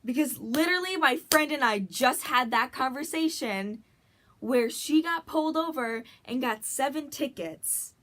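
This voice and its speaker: A woman's voice: high voice, a little slow, fairly bright tone. A young adult woman vlogger telling a story in a casual, rambling way, packed with fillers and breathless retellings.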